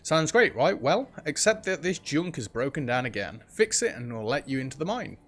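A man's voice: fairly high pitch, big pitch swings, moderate pace, fairly bright tone, heavily acted. A man voicing a mine keeper from a game, reading the lines aloud in a bargaining tone. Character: gruff male mine keeper guarding an entrance.

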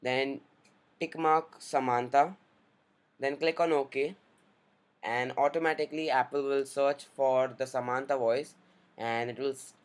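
A man in a mid-range voice guides viewers through a computer setting. He speaks in a casual, upbeat way and lays out each click in plain steps. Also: medium pitch. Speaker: tech tutorial host. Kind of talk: screen-recorded software tutorial.

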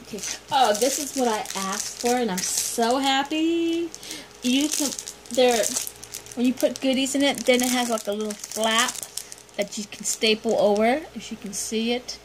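A woman's voice: a little high, moderate pace. A middle-aged woman unboxing gifts from a swap, gushing and gasping over every item as she talks. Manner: gushing, gasping, repeats exclamations. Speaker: vlogger unboxing a gift swap. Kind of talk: excited unboxing chat. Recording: noticeable background noise.

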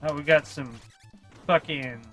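A man live-streaming a retro video game while drinking, rambling and swearing loudly at the game. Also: on the high side, steady tone, measured pace, faint music behind, low-quality recording. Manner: profane, rambling, yells at the game. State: tipsy from drinking. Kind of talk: casual live-stream commentary.

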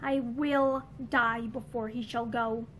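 A woman's voice: a little high, fairly even intonation, takes it slowly, slight background noise, pitched below the performer's own voice. A proud, defiant young wife, as a woman reads her. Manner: cold and obstinate.

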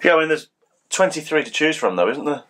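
A man's voice: a little high, animated, fast, a bit bright, slight background noise. A middle-aged man in casual chat as co-host, rambling and teasing, with a slight cold.

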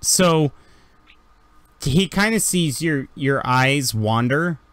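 Lively man running a tabletop game. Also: fairly high pitch, slow pace, no room sound. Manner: lively, laughing storyteller. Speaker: game master.

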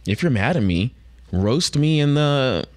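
A man's voice: medium pitch, lively intonation, unhurried, no echo. A man hosting a podcast in joking, playful casual chat. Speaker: podcast host.

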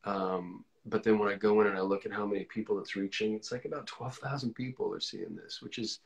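A man hosts a casual live stream, encouraging and reflective as he talks with a guest. His voice sits somewhat low. He speaks in an easy, conversational way. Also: steady tone, a little fast, low-quality recording. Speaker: host.

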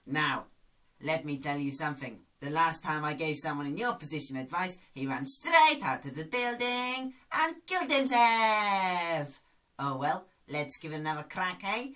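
A man doing an impression of a deadpan comic doctor who gives dark advice. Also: a little high. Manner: slow, deadpan. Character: dry, deadpan male comedy doctor, unbothered.

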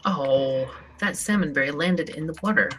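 A woman's voice: deep voice, normal speed, fairly bright tone. A woman co-playing a farming game, chatting casually, explaining things and laughing often. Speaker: co-op gaming guest. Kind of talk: casual let's-play chat.

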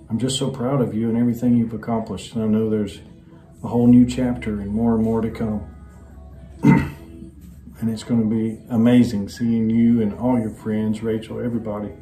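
A middle-aged stepfather giving a heartfelt, halting video message. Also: lowish voice, warm tone, echoey room, rough recording. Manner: halting and emotional.

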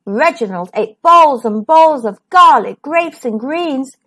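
A woman reading a rhyming children's picture book aloud, expressive and sing-song. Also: sits high, takes it slowly. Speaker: children's storyteller.

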